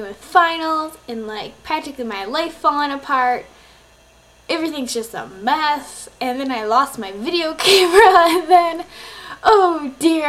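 A woman's voice: high-pitched, fairly bright tone. A nineteen-year-old woman vlogging, chatty and rambling with lots of "like" and giggles. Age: young adult. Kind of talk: casual chat to camera.

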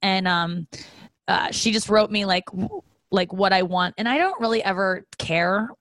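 Young woman podcast host, chatty, jumps way up in pitch when quoting people, dry close sound. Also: a little slow, no room sound. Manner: animated storyteller, acts out quotes in a high voice. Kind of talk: casual chat.

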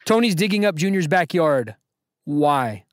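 A man's voice: a little high, expressive, measured pace, dry recording, studio quality. A man hosting a podcast trivia quiz, reading questions to callers and hyping them up with playful banter. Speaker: podcast host and quizmaster.

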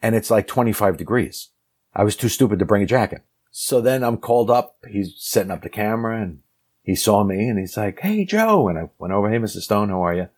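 A man telling a lively anecdote from his acting career as a guest, acting out the people he quotes. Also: lowish voice, fairly quick. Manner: animated storyteller acting out quoted lines. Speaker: actor telling a story as guest. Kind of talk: casual anecdote.

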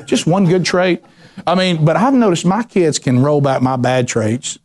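A middle-aged man preaches, his voice sitting a little higher than most men's. He tells family stories in a lively, animated way and slips into the voices of the people in them. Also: normal speed. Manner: animated storyteller, acts out voices, ranting bursts. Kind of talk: sermon with personal stories.

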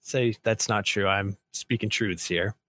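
A man's voice: on the low side, steady tone, measured pace, pushed and bright, no room sound. A man hosting a casual podcast chat, joking and playfully sarcastic as he leads the talk. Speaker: podcast host.

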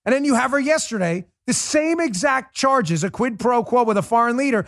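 A man hosting a political commentary show, ranting with heated scorn and dropping at times to a low, quieter mutter. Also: expressive, fairly quick, hardly any pauses, dry recording, studio quality. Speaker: host.

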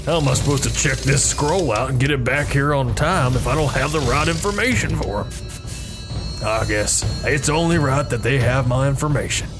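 A man doing deadpan, absurd in-character commentary while playing a game. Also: medium pitch. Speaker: game video creator. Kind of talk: comedic role-play game commentary. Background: music.

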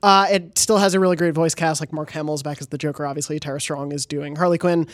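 A man's voice: fairly high pitch, steady tone, fast, no echo, clean studio sound. A man chatting enthusiastically on a gaming podcast, laughing often. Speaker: podcast panelist. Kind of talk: casual podcast chat.

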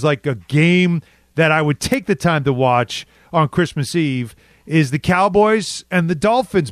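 New york sports radio guy, high-ish voice jumping all over, dry studio mic. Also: no echo. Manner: animated, quick banter with co-hosts. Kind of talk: casual sports radio talk. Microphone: studio microphone.

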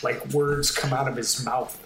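A man hosting a casual comedy podcast, halting and upbeat, with frequent restarts. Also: mid-range voice, steady tone, noisy background. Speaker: podcast host. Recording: echoey room.

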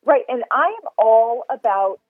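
A woman's voice: a little high, expressive, breathy edge, no echo. Upbeat woman chef over a phone line. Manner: enthusiastic, talks fast in long run-on explanations. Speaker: chef and recipe developer. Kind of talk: casual podcast interview. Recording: tinny phone line, dry.

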